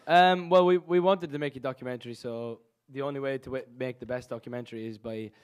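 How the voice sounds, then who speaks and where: A young man talks fast and jokes easily at a press conference. His mid-pitched voice sounds brisk and light. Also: fairly even intonation, darkish tone, clear, resonant tone. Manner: joking, brisk.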